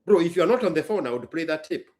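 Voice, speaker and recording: Emphatic, blunt man with a lively voice. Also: a little high, racing. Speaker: business owner and show host. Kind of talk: casual storytelling chat.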